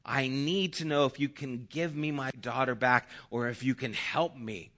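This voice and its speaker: A man voicing a grieving young mother who begs softly for help. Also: on the low side, unhurried. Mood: begging. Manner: pleading, soft.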